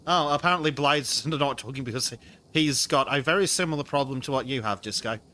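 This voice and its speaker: A man with a bright, forward tone chatting casually on a game stream. He laughs easily and tosses out wry, dry remarks between bits of play. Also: mid-range voice, brisk. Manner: laughs often, wry asides.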